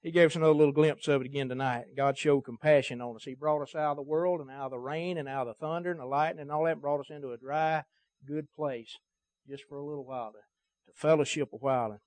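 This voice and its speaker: A man's voice: on the high side, steady tone, fast, darkish tone, dry recording. A man preaching a sermon to his church, emphatic and cadenced, his volume swelling and dropping. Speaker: pastor. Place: church service.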